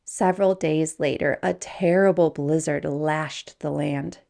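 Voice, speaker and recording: Slow, gravelly woman reading a storybook. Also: low-pitched, steady tone, slight background noise. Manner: gentle, unhurried read-aloud with soft hushed passages.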